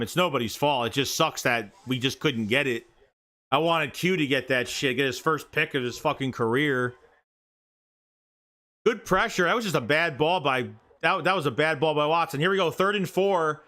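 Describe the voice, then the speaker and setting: Guy doing live play by play as a fan, bright tense voice, cusses a lot, gets loud. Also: on the high side. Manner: profane, excitable, yells at bad plays. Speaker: fan streamer calling the game.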